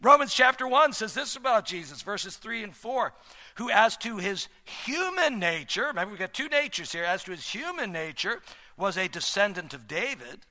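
A male pastor preaching a sermon, swinging between shouted emphasis and hushed, drawn-out words. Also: high-pitched, very animated. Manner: dramatic, swings from shouting to near-whispers. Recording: long hall reverb.

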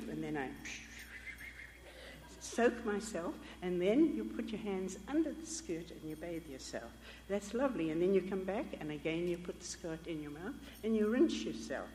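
Older woman, missionary testimony preacher, lively storyteller who acts out quoted voices, long hall reverb. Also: on the low side, moderate pace, slight background noise. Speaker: missionary speaker.

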